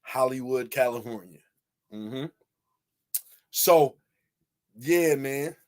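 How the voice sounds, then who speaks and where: A man from Michigan giving casual, animated reaction commentary, firing off repeated rhetorical questions and swearing freely. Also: medium pitch, takes it slowly. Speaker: video commentator.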